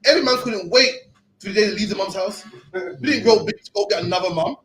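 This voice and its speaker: A man's voice: sits high, fast, a bit bright, low-quality recording. A young man leading a scripture class in a loose, blunt, slang-heavy teaching style. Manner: streetwise, blunt, peppered with slang.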